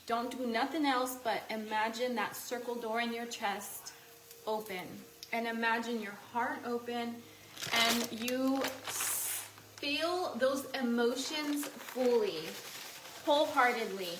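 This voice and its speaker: A woman hosting a casual cooking livestream from her home kitchen, chatting and greeting viewers with sudden excited squeals. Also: fairly high pitch, slow pace, reverberant, noisy background.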